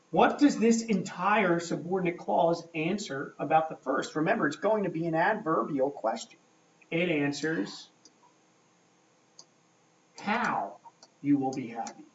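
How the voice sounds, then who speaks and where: A man teaching a grammar lesson at a board, talking slowly and checking in often with "okay?". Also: on the high side, a little hiss or hum. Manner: slow, checking in with frequent "okay?". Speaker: English teacher. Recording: echoey room, mic far off, dull lo-fi sound.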